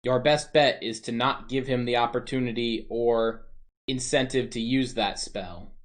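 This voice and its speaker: A man playing a stern commander who briefs hired fighters for a tabletop fantasy game. He speaks formally and weighs each word, with a voice of ordinary middle pitch. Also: steady tone, unhurried, lightly acted. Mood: warning.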